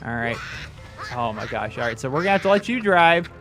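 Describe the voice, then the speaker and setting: Playing through a game, the same kind of gaming channel host keeps up a chatty, rambling let's-play monologue full of exclamations. Here his mid-range voice sounds very animated, fairly quick and fairly bright, over faint background music.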